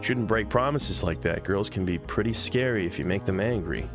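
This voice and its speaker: A man's voice: on the low side, normal speed, close to an everyday voice. A man reading a teasing village mother. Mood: scolding. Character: scolding middle-aged village mother. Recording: game music behind.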